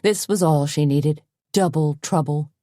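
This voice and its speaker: A woman narrating a cozy mystery audiobook in an even, measured storytelling voice on a close mic. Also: sits low, no echo. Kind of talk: scripted narration.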